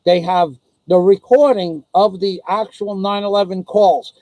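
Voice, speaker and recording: A man's voice: high voice, steady tone, unhurried, mellow, no echo, low-quality recording. A man ranting angrily and profanely on his own live stream, taunting and threatening someone. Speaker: vlogger. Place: living in the Philippines.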